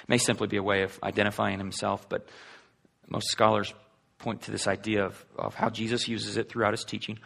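A man preaching a sermon in a conversational way, asking the listeners rhetorical questions and swinging between loud and hushed delivery. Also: on the low side, steady tone, moderate pace, gravelly. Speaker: pastor.

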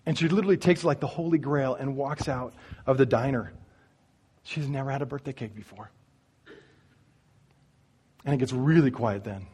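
A man preaching, telling a story and speaking straight to the congregation in an animated way. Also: medium pitch, moderate pace, long pauses, husky. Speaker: pastor. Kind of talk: sermon storytelling.

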